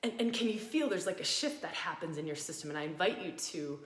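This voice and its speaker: A woman with a lowish voice leads a live spiritual practice, speaking gently and invitingly. She often repeats her phrases for emphasis. Her voice rings in a roomy, echoing space. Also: expressive, fast talker. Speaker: astrology and embodiment teacher. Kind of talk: guided practice talk to a live audience. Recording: roomy echo.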